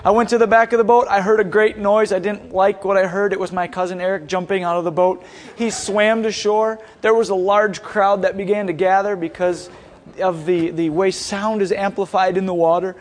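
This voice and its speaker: A young man with a high voice giving a storytelling sermon. He talks in an animated way, acting out quoted lines with shouts and laughter before settling into prayer. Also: normal speed. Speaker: speaker at a school chapel.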